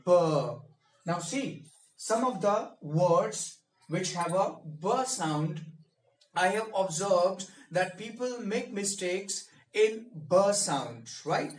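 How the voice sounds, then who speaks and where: A man speech coach giving a pronunciation lesson, repeating and drilling each word with deliberate emphasis. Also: high voice, expressive, distant mic. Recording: echoey room, mic set back.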